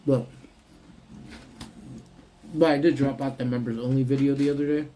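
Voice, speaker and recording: A man's voice: medium pitch, steady tone, moderate pace, warm tone, a little hiss or hum. A man hosting a casual live stream from his parked car, rambling and answering his chat. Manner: laid-back, rambling, reads and answers chat. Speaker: livestream host.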